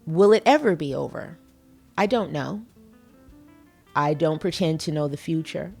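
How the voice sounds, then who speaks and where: A woman's voice: low-pitched, expressive, measured pace, gravelly, a little mellow, husky, faint music behind. A middle-aged woman hosting a motivational podcast, earnest and folksy, talking with emphatic conviction. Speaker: podcast host.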